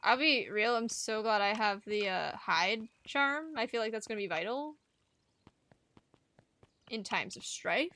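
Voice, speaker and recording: A woman's voice: on the high side, lively intonation, a little slow, pauses often, bright, forceful tone. A woman streaming a story game, chatting playfully and reading lines aloud. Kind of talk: casual game commentary.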